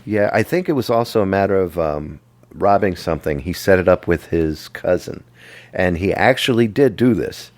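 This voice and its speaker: A man with a very low voice, talking casually on a movie podcast. He meanders through the story and makes fun of himself as he goes. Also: animated. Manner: rambling, self-mocking recap with quick jokes. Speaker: podcast co-host.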